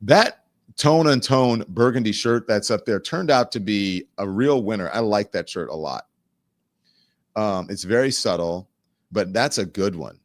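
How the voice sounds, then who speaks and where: Male talk-show host, slightly low voice, candid casual delivery, animated and direct to the audience. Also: measured pace, no room sound. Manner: candid, animated, talks straight to viewers. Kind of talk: casual livestream commentary.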